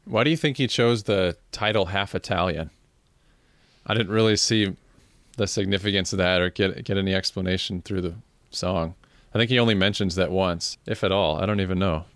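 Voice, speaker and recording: A man co-hosting a casual album review chat, relaxed and agreeable, asking his partner questions. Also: sits low, a little fast, no echo. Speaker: album review podcast co-host.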